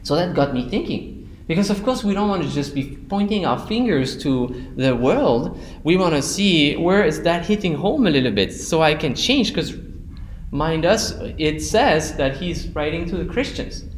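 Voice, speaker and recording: A man's voice: on the high side, animated, normal speed, echoey room, slight background noise, low-quality recording. A man teaching an adult Sunday school class on scripture, emphatic, repeating key phrases and asking the class questions. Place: church classroom.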